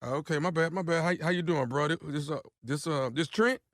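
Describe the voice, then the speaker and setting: A man's voice: fairly high pitch, brisk, dry recording, clean studio sound, voice pushed up, close to an everyday voice. A man playing a lovesick guy on a prank call. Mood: sheepish. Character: smooth-talking man pining for a friend's wife. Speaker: prank caller. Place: radio studio.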